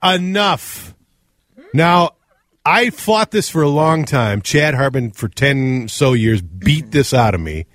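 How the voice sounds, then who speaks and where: Animated Minnesotan man on radio. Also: mid-range voice, unhurried, dry recording, clean studio sound. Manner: animated, ranting, mimics accents. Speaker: radio co-host. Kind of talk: casual radio talk.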